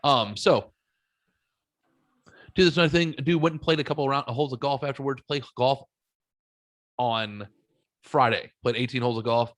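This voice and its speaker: Animated, swearing podcast host man. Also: moderate pace, long pauses, dry recording. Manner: animated, swearing, jumps into high voice for quotes. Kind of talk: casual chat, storytelling.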